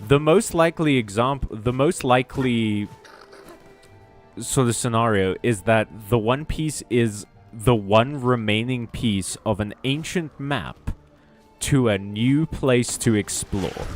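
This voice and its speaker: A man streaming a video game, chatting casually in a rambling, self-deprecating way and swearing freely. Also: medium pitch. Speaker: VTuber streamer. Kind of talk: casual gaming stream chat.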